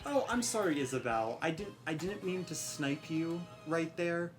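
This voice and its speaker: A woman's voice: sits low, animated, normal speed, soft background music. A young woman giving casual, rambling let's-play commentary over a racing game, joking about herself and yelping at the action. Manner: chatty, rambling, self-mocking, yelps at the game. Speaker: gaming commentator.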